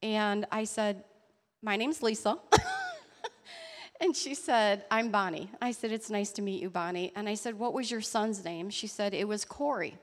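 A woman telling a personal faith story in an earnest, halting way. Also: mid-range voice, big-room sound. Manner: earnest, halting storytelling with restarts and soft laughs. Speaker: church member sharing a testimony. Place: church hall.

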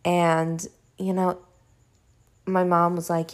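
A young woman casually telling a personal story at home, animated and chatty, with frequent "like" and casual swearing. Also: lowish voice, a little slow. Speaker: vlogger. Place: home room.

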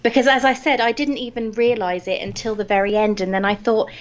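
A woman's voice: a little high, little pitch movement, a little fast, muffled recording. An English woman co-hosting a casual book chat, rambling with many restarts. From England. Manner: chatty, wanders off topic, many restarts. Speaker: book podcast co-host.

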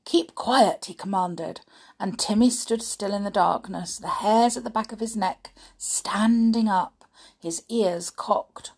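A woman reading a children's book aloud as a podcast host, slow and deliberate with soft asides. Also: medium pitch, husky. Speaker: podcast storyteller.

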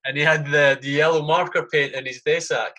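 A man's voice: a little high, steady tone, fairly quick, pushed and bright. A man, a soldier, casually telling stories in a podcast chat, swearing constantly and saying mate a lot.

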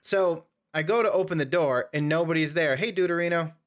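A man's voice: fairly high pitch, a little fast, fairly bright tone. A young man hosting a casual chat, telling a long, rambling story and often correcting himself. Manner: rambling, self-correcting anecdote teller. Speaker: podcast host.

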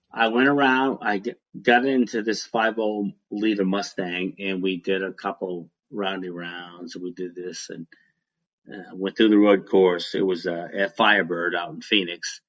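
A middle-aged former racing driver telling rambling, folksy stories in a casual interview, laughing now and then. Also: male voice, lowish voice, a bit bright. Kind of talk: casual storytelling. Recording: dull lo-fi sound.

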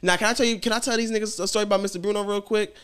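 Podcast guy, smooth clear voice, cussing and slangy storytelling. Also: sits high, fairly even intonation, racing, fairly bright tone. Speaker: podcast co-host. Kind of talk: casual chat.

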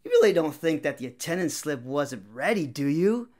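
A man doing a calm, teasing teacher. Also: a little high, normal speed, voice pushed down.

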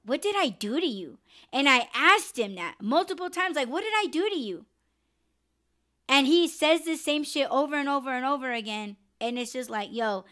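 Young woman, podcast host, venting, profane, blunt, slightly high voice. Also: a bit bright. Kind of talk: casual live podcast rant.

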